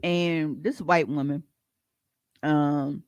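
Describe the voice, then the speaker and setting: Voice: medium pitch, extremely slow, dry recording. Laid-back profane storyteller, dry mic. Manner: profane, animated, laughing. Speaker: podcast co-host. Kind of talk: casual storytelling chat.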